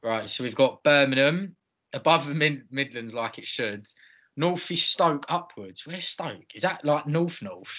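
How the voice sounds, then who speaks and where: A man's voice: a little high, expressive, measured pace, sharp tone, dull audio. A young man, co-hosting a casual chat, reading out audience replies and poking fun at himself. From London area. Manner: teasing, self-mocking, reads audience replies. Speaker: podcast co-host.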